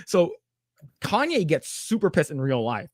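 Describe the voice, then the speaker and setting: A man co-hosting a podcast, retelling stories in casual chat with lots of fillers and quick put-on voices. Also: on the high side, wildly swooping pitch, dry recording, clean studio sound. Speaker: podcast co-host.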